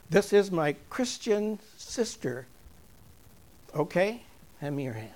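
Telling stories to a church congregation as an object lesson, an older man speaks in a high, sing-song voice. He's chatty and chuckles a lot, slowing down and softening whenever he turns earnest.

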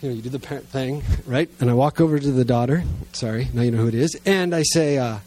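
A middle-aged man preaching to a gathered congregation, telling a self-mocking family story in a lively way and then praying quietly and earnestly. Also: mid-range voice, fast talker. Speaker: pastor. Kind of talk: sermon storytelling and prayer. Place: church gathering with listeners present.

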